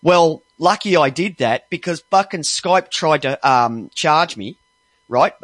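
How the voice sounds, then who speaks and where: A man with a fairly high voice rants at length, swearing constantly and sounding exasperated. He trips over his words and restarts when worked up. The recording is close and dry, with no room sound. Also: animated, slow pace, a bit bright, no room sound. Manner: heavily profane, exasperated. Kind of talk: angry ranting monologue.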